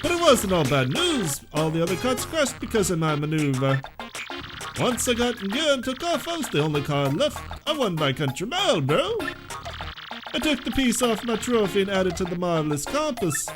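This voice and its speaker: A man putting on a deliberately poor Italian accent to voice a boastful young plumber telling a story, chummy and calling the listener bro. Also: high-pitched, big pitch swings, over music. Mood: boastful storytelling. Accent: mock Italian. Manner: chummy, says bro a lot.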